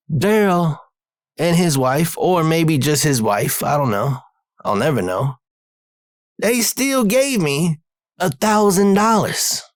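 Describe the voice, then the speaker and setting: A man's voice: on the high side, big pitch swings, takes it slowly, long pauses, no echo, studio quality. Profane streetwise man telling a story. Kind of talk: casual storytelling monologue.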